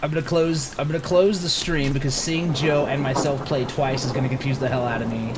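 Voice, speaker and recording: A man's voice: mid-range voice, brisk, a crowd in the background. A man chatting casually with friends on a gaming stream, laughing and joking as he gets ready to play in a tournament. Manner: laughing, excitable banter. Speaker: tournament player. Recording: loud rain noise behind.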